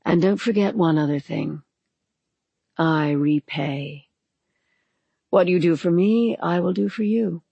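A reader voicing Rose Madder, husky and eerie. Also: no room sound, muffled recording, full character voice. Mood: eerie patient. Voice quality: sweetly husky. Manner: slow, patient, low and quiet. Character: strange mad woman, patient and eerie.

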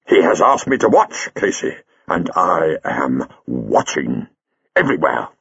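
A puffed-up theatre manager who swells with pride and drops to a hush when sharing a secret, as a male narrator puts him on. His delivery is lively in its pitch, and the dry recording sounds a little dull. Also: unhurried, creaky, breathy edge, no echo, exaggerated voice. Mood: conspiratorial. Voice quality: pompous, conspiratorial. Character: pompous, self-important middle-aged theatre manager.

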